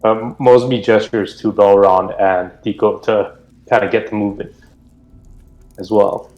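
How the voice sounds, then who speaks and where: A man's voice: lowish voice, fairly even intonation, measured pace, darkish tone, reverberant, muffled recording. A man playing a tabletop game, talking hesitantly with frequent stammers. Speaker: player.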